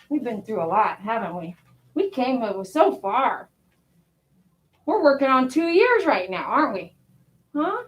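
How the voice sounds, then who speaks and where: A woman's voice: high voice, big pitch swings, a little slow, long pauses, slight background noise. A woman dog groomer on a live stream, cooing affectionately as she talks to a dog. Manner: cooing, affectionate talk to a pet.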